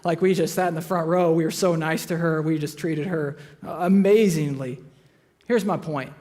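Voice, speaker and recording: A pastor with a notably high voice preaches to his congregation in a church auditorium. He keeps it conversational and teases the room as he tells stories from his own life. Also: fairly even intonation, normal speed, a little mellow. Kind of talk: sermon with humorous personal stories.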